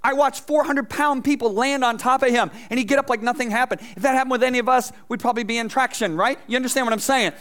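High-voiced animated male preacher. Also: fast talker, few pauses. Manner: animated storytelling, acts out voices, swings loud and soft. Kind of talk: energetic sermon with stage demonstration. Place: church stage before a congregation.

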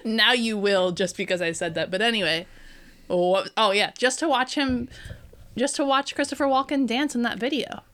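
A woman's voice: a little high, normal speed, a bit bright. A woman co-hosting a casual, tipsy chat, giggly, loose and unfiltered, swearing freely. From New York State. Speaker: podcast co-host.

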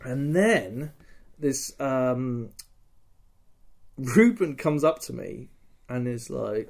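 A man in a casual podcast chat, telling a long, rambling story full of "like" and "um". He slips into quick snatches of dialogue as he goes. His voice sits at an ordinary middle pitch. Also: animated, vocal fry, darkish tone. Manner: rambling storyteller, acts out dialogue, lots of fillers. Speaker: podcast host. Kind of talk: casual recap of a role-play weekend.

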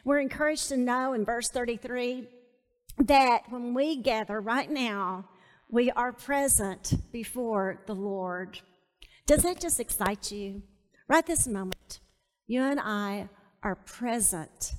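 A woman with a high voice leads a Bible study sermon, taking her time over each phrase. She speaks emphatically, repeating key words and inviting the audience to say them back to her. The recording carries the long reverb of a large hall. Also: slow. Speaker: Bible teacher.

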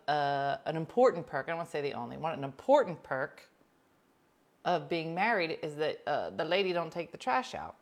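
A woman with a slightly low voice hosts a casual livestream, reading out viewer comments and answering each person by name. She talks bluntly and with a joking edge, jumping from loud outbursts to quiet asides. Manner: chatty, blunt, jokey, addresses viewers by name.

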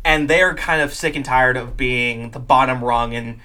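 A man's voice: medium pitch, normal speed, bright, forceful tone. A man co-hosting a casual movie review chat, explaining plots and trivia at length. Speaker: podcast co-host.

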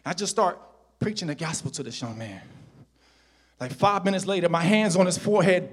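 A man with a high voice for a male speaker, preaching a sermon built on personal story. His delivery drops to hushed, confiding tones and then climbs to loud, shouted exhortation. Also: brisk, soft background music. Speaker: pastor.

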